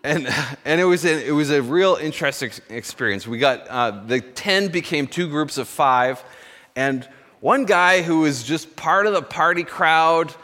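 Bright-voiced pastor man in a reverberant hall. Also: on the high side, normal speed. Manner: storytelling, conversational with self-corrections. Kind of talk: sermon. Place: church service.

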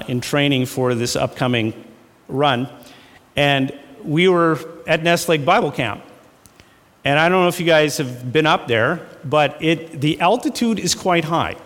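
Man, pastor preaching, emphatic repetition, folksy asides, slightly high voice, long hall reverb. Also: fairly bright tone. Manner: emphatic, repeats phrases for effect; folksy storytelling with fillers and laughs. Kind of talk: sermon.

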